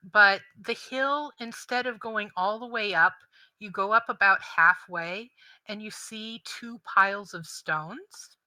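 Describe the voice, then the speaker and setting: A woman narrating a tabletop game as game master, halting, with restarts and sentences that trail off quietly. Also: medium pitch, no room sound, rough recording.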